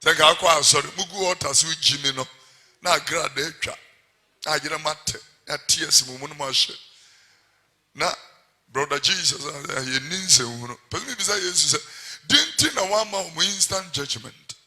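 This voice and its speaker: High, bright preacher singing over music. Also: male voice, expressive, normal speed. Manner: preaching that swings between singing and shouting. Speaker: pastor. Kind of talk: sermon.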